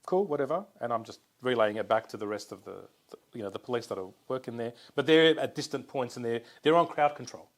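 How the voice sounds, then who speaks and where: A man co-hosting a podcast, telling lively anecdotes with laughs in casual conversation. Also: medium pitch, quick pace. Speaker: podcast co-host.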